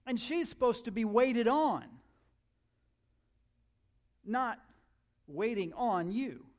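A male pastor giving a conversational sermon, asking his listeners questions and slipping into quiet asides. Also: very high-pitched, animated, takes it slowly. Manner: conversational, asks the audience questions, drops to asides.

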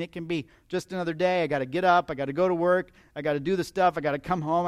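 A man's voice: high-pitched, no echo, clean studio sound. A man preaching a conversational sermon, chatty and humorous, often asking his listeners questions. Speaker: pastor.

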